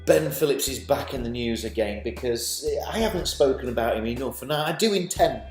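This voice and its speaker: A man's voice: medium pitch, brisk, darkish tone. A man in his forties, a vlogger in a heated, sweary monologue full of stammered restarts and sarcasm. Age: 40s. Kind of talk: angry ranting monologue. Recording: echoey room with faint music.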